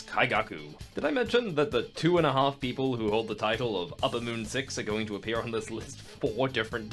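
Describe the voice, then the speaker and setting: A young New Zealand man rattles through a comedic ranking video in a bouncy, animated voice that swings up and down. His delivery is sarcastic and jokey, with casual swearing, over faint music in the background. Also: mid-range voice. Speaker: YouTube host. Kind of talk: comedic tier-list commentary.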